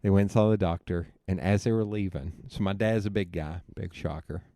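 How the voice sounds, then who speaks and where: Low, dry-voiced man telling family stories. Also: fairly quick, no room sound. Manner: animated storyteller, quoting family with laughs. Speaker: podcast host. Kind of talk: casual storytelling chat.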